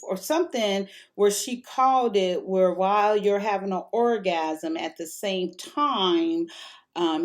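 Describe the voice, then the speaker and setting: A middle-aged woman tells a personal story in loose, casual vlog talk. She is frank and candid, laughs often and swears without a second thought. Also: on the low side. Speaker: vlogger.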